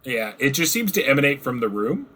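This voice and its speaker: A young man runs a tabletop game in a loose, chatty way, padding every description with filler words. His voice has a bright, forward tone at an ordinary pitch. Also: big pitch swings, a little fast. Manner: rambling, filler-heavy descriptions. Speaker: game master. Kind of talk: running a tabletop game, casual.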